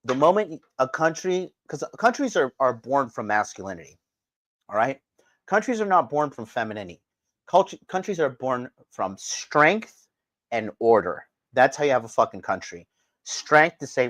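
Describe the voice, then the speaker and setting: Here the dating coach's medium-pitched voice swings widely in pitch at a moderate pace, sounding a bit bright on a dry recording. He hosts a livestream indoors in Japan, reading the chat and ranting with blunt profanity.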